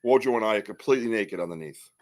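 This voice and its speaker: A man's voice: lowish voice, lively intonation, rapid-fire. A man hosting a live podcast, chatting casually in a rambling, joking way and laughing often. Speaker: podcast host.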